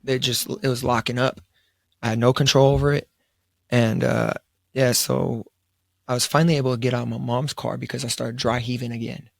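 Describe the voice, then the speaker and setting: A man's voice: mid-range voice, flat delivery, brisk, gravelly, dry recording, studio quality. A young man, telling a long personal story in a casual podcast chat, quoting himself often between fillers. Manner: laid-back storytelling, quoting himself, frequent fillers and restarts. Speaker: podcast co-host. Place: studio around a table.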